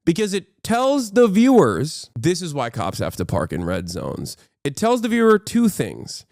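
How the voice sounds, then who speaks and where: A man's voice: on the high side, huge pitch swings, a little slow, vocal fry, a little mellow, dry recording, studio quality. A man in his thirties, a streamer giving casual, opinionated, sarcastic commentary and swearing freely.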